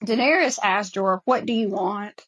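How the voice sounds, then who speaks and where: A woman's voice: mid-range voice, moderate pace, a bit bright, slightly rough, poor audio. A woman with a Southern American accent co-hosting a casual podcast chat, getting emotional as she quotes favorite lines. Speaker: podcast co-host.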